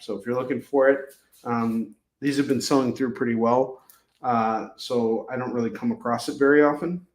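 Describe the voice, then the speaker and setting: A man hosting a live comic-book sale, pricing issues in jokey, rambling sales patter. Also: medium pitch. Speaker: host selling comics. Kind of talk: live shopping stream. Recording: echoey room.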